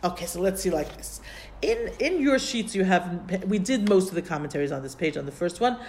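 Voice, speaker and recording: A woman teaching a classroom Bible lesson, explaining step by step, translating Hebrew terms as she goes and pausing to search her notes. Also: fairly low pitch, animated, a little mellow, a little hiss or hum.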